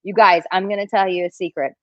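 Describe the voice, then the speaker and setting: A woman dating coach talking casually on a livestream, reading out viewer comments and answering them in an animated, chatty way. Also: medium pitch, fast talker, no echo, highs cut off. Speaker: dating coach answering live chat questions.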